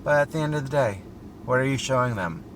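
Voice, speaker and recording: Parked outside a store, a middle-aged man who vlogs about style shares a casual story from inside his car. He talks fast in a mid-range voice, earnest and chatty, tossing in lively rhetorical questions, with a slight hiss or hum in the background.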